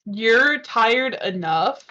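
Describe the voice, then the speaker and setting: Woman player, a bit high-pitched, blunt and teasing, dull lo-fi mic. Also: animated, very slow, bright, forceful tone. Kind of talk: casual tabletop game chat.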